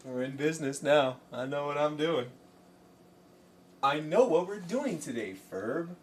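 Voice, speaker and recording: A man's voice: on the high side, lively intonation, measured pace, recorded from a distance. A man chatting casually on a live stream while he paints, rambling, joking and talking both to his chat and to himself. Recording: voice from off the mic, faint room noise.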